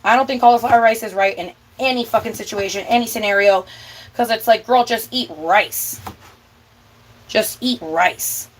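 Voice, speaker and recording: Profane, ranting young woman, high voice. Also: slight background noise, rough recording. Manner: blunt, profane, emphatic ranting; drawn-out words for emphasis. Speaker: vlog host. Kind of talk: casual ranting chat while cooking.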